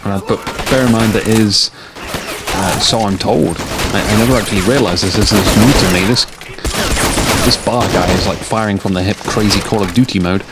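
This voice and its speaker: A man's voice: fairly low pitch, moderate pace, very noisy. Tired rambling man casting a war game. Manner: rambling, jokey, drifts off topic. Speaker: game caster. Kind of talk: sleepy late-night game commentary. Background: game sounds of gunfire and vehicles.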